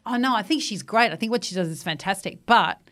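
Animated Australian woman, casual interview. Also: mid-range voice, fast talker. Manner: animated storyteller, playful quoted voices. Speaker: guest, TV host and improv performer.

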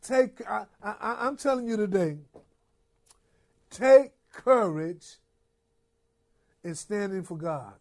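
Man, preacher, very high voice, emphatic sermon, Bible reading. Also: expressive, normal speed, vocal fry, hardly any pauses. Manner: emphatic, repeats phrases, asks the listeners questions.

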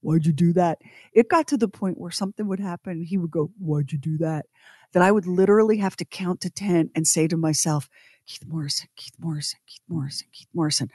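A middle-aged woman co-hosts a radio show and tells a story in a lively, self-mocking way. She acts out the other people's lines in exaggerated voices. Her voice sounds dry and close, with no room around it. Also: lowish voice, brisk, no room sound. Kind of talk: casual storytelling on morning radio.

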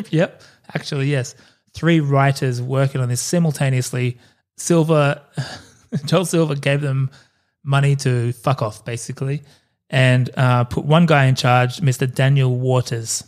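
A man's voice: medium pitch, fairly even intonation, a little slow, darkish tone. Aussie guy cohosting a podcast, chatty storyteller, drops swears, goes off on tangents. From Australia. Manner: loose storytelling with swearing and asides. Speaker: podcast co-host. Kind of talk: casual chat.

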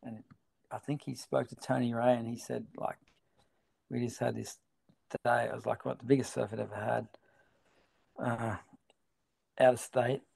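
Gravelly laid-back Australian man. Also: medium pitch, level tone, moderate pace, long pauses, darkish tone. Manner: laid-back, rambling, swears and laughs freely. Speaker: guest, big wave surfer. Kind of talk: casual storytelling interview.

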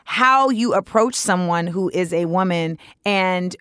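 A woman's voice: lowish voice, measured pace, a bit bright, smooth, no room sound. A woman hosting a podcast, talking alone in a candid, opinionated way, with frank swearing and joking asides. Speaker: podcast host. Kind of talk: casual solo monologue.

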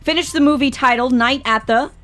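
A woman's voice: high-pitched, brisk, a bit bright, soft background music. Teasing woman radio host. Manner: teasing, playful quizmaster. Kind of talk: casual radio banter.

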